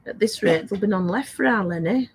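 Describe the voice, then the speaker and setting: Selling craft supplies on a relaxed live stream, this older woman reads out viewer comments, chatty and quick to laugh. She talks briskly in a medium pitch with a breathy edge, captured on a low-quality recording.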